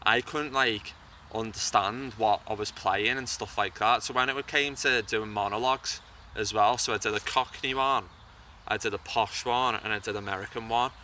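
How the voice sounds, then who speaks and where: A man's voice: on the low side, fairly even intonation, normal speed, pushed and bright, slight background noise. A young man talking casually as an interview guest, hesitant and often repeating words as he thinks, outdoors by a bridge. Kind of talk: casual chat.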